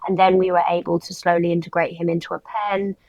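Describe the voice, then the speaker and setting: Woman co-host, horse trainer; lowish voice, dry close sound, practical and explanatory. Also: flat delivery, quick pace, darkish tone, no echo, highs cut off. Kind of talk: casual podcast conversation.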